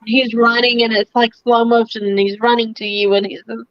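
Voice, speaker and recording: A woman's voice: fairly high pitch, flat delivery, normal speed, no echo, highs cut off. A woman hosting a live-stream psychic reading, relaying messages in a chatty way with lots of filler words. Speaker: psychic medium and host.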